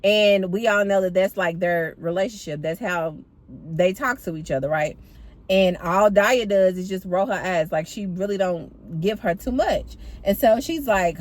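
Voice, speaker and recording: A woman's voice: mid-range voice, moderate pace. A woman chatting animatedly to her viewers as she recaps a TV episode, apparently from a car. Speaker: TV recap vlogger. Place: in or by a parked car.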